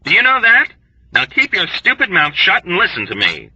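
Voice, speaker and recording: A man reading an audiobook, voicing a frantic young male airman who shouts and pleads in agitation. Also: sits high, huge pitch swings, moderate pace, husky, no echo, muffled recording, voice pushed up, full character voice. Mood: frantic pleading.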